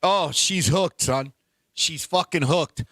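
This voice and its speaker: Brief: high-pitched NY man, 50s, loud profane show host, dry close sound. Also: slow pace, no room sound. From Puerto Rico heritage, New York. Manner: loud, animated, profane storyteller. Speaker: podcast host. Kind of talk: casual banter.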